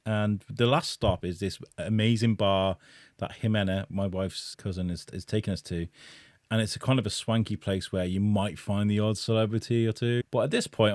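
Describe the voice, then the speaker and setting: A man's voice: fairly low pitch, fairly quick, no room sound, studio quality. A man, a podcast guest, tells a funny personal story with bursts of laughter. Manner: animated, laughing while telling a story.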